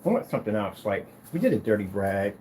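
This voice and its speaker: A man showing off his business's screen paint in a casual vlog, talking in an excitable, rambling, hyped-up way. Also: lowish voice, fast, slight background noise. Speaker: screen paint business owner demonstrating products. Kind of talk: casual product demo vlog with storytelling.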